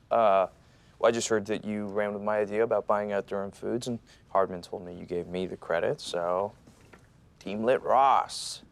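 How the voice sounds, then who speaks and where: An actor playing an eager, playful young male lawyer who talks with excitement. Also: fairly low pitch, moderate pace, gravelly. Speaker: junior lawyer. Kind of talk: TV drama acting.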